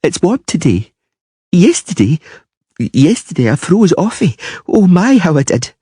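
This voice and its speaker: A man's voice: fairly high pitch, very animated, unhurried, dark tone, breathy edge, no room sound, clean studio sound, pitched above the performer's own voice, heavily acted. A man reading a fantasy audiobook, voicing a sulky, bossy little princess girl who whines and sniffles. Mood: sleepy. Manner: whiny, sniffling, petulant.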